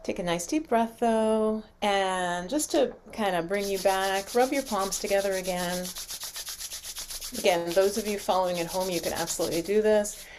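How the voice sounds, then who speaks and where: A woman leads a calming acupressure and yoga session. Her voice is gentle and soothing, and she talks in a relaxed, chatty way, full of small fillers. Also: medium pitch, normal speed, slight background noise. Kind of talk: guided session with casual talk.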